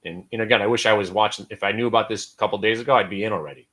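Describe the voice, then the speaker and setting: A middle-aged American man hosting a live stock trading room, talking casually and with swings between loud and quiet. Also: on the low side, steady tone, racing.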